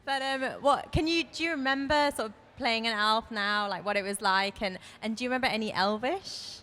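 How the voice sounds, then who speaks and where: A woman from Britain runs an interview in front of an audience, chatty and quick to laugh. Her voice is bright and forward and sits a little above the usual pitch. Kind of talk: convention interview hosting.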